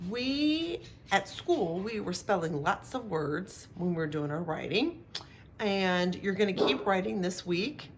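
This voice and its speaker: A middle-aged woman teaching a remote phonics lesson to young children, speaking slowly and clearly with encouraging sound-outs. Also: mid-range voice, slight background noise. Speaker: kindergarten teacher.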